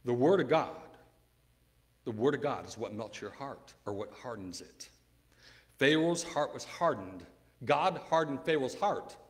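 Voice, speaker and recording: A man's voice: medium pitch, lively intonation, unhurried. A man, a preacher in a formal debate, arguing insistently, repeating key words and reading Bible verses aloud in old-fashioned wording. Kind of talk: debate rebuttal with scripture reading.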